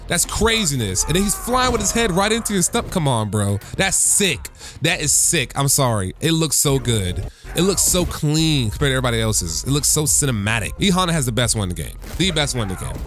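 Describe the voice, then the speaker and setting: A young man giving casual gaming reaction commentary as a YouTuber, slangy and excitable, breaking into loud bursts of hype. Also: medium pitch, a little fast, soft background music.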